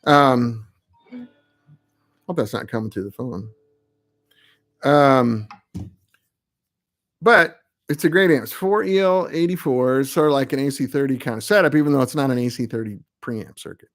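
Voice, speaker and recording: A man's voice: mid-range voice, normal speed, pauses often, fairly bright tone, soft background music. A middle-aged man, an amp builder, chatting casually and rambling with self-mocking asides while hosting his live web show. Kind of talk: casual live-stream chat.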